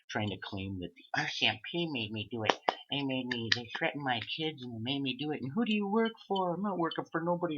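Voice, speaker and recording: A man's voice: medium pitch, pushed and bright, breathy edge. A man talking in a rambling, profane monologue from Canada, acting out the voices of people he quotes. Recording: dull lo-fi sound.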